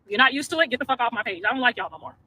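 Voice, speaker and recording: High, rapid-fire cursing woman. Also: lively intonation. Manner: profane, combative and rapid. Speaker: livestreamer. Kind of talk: heated livestream rant. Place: inside a car. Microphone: phone. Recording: noisy phone stream.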